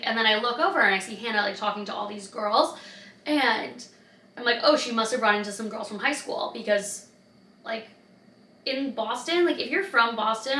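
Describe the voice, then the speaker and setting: Woman in her twenties, chatty vlogger, higher voice, roomy off-mic sound. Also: far from the mic. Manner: chatty, lots of "like", animated retelling. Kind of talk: casual vlog chat.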